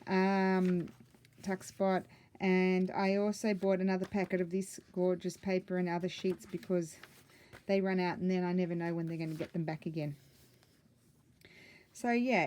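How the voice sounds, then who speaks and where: A woman chatting casually and excitedly as she flips through a handmade journal, rambling with many ums and self-corrections, a little out of breath. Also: on the low side. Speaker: craft vlogger.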